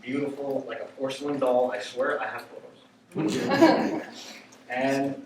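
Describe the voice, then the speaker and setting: A man telling a story live on stage, animated and often laughing as he speaks. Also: medium pitch, slow pace. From United States. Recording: very echoey room, distant mic, faint noise.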